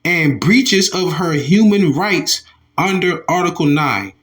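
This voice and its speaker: A man's voice: a little high, animated, slow pace, a bit bright. A man from the States, reading a news article aloud and commenting on it with Bible verses. He talks animatedly, restarts and repeats words, and calls his listeners y'all. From Southern United States. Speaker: religious commentator.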